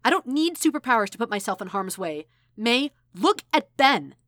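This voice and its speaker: A woman voicing an anguished, stubborn teenage boy in an audiobook reading, shouting in bursts. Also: mid-range voice, lively intonation, normal speed, dry recording, studio quality, lightly acted. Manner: shouting in bursts, then pleading.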